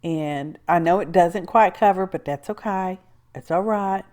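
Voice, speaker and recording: A woman's voice: on the low side, measured pace, a little mellow. A woman, chatting her way through a crafting tutorial, rambling with asides and talking to herself as she works. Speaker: craft video host. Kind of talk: casual crafting tutorial narration.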